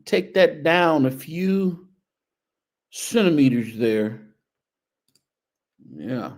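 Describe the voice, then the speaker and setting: A male show host with a rather high voice, lively intonation and drawn-out words offers casual, teasing commentary on outfits in a video. He sprinkles churchy phrases throughout.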